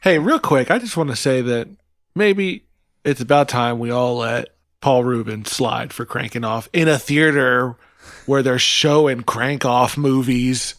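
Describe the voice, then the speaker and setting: A man's voice: mid-range voice, measured pace, a bit bright, no echo, clean studio sound. A man co-hosting a podcast, chatting casually with an enthusiastic, joking manner and some stammering. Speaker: podcast co-host. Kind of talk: casual comedy chat.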